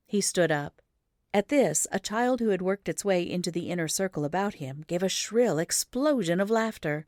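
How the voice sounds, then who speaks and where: A woman reads an audiobook in a low, steady voice. Her storytelling is measured and even, and the recording is dry and close with no room sound. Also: no echo. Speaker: audiobook reader. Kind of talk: audiobook narration.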